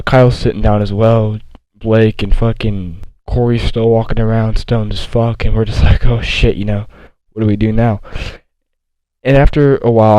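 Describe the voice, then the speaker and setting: A man's voice: fairly low pitch, warm tone, no echo, low-quality recording. A young man telling a rambling, profane story in casual storytime style, with frequent restarts.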